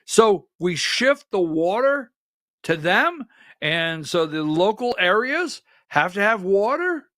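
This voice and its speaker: Man, high voice, folksy political talk host who leans on rhetorical questions; dry close mic. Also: big pitch swings, slow pace, sharp tone, dry recording. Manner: folksy and rhetorical, asks repeated questions and quotes others. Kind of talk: livestream commentary, talking to listeners.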